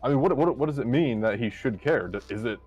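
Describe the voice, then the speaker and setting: A man's voice: medium pitch, expressive, quick pace, darkish tone, lo-fi sound, faint music behind. Wordy argumentative man on a call. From Polish family. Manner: argumentative, wordy, self-mocking. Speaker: guest. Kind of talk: casual debate chat on a stream.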